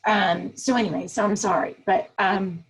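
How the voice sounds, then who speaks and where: A middle-aged woman, a school principal, talking in a casual interview, earnest and halting with many fillers and restarts, close to tears. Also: medium pitch, fairly even intonation, creaky, noisy background. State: emotional, near tears.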